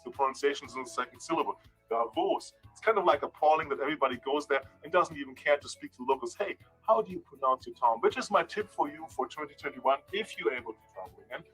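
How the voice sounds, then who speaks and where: A man presenting a playful segment on pronouncing brand and place names, teasing and animated. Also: a little high, slightly rough, poor audio. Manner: animated, teasing, repeats words to correct pronunciation. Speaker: industry analyst presenting a segment. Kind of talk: playful explanatory monologue.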